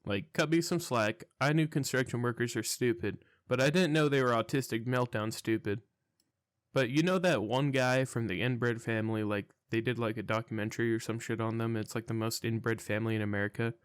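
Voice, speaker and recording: A young man rambles through a casual story, cursing freely and sounding baffled by what happened. His voice is smooth and clear, and it sits close and dry with no room around it. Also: mid-range voice, a little fast, no room sound. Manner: profane, rambling, incredulous. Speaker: storytelling vlogger.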